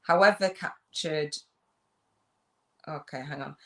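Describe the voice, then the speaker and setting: Low-voiced chatty woman host. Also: slow pace, a bit bright. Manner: chatty, laughs often, stumbles over reading. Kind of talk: casual livestream chat.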